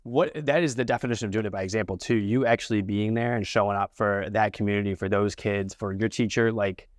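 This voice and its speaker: A man hosting a podcast interview, encouraging, with quick interjections. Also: lowish voice, fairly even intonation, dry recording, studio quality. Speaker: podcast host. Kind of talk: interview conversation.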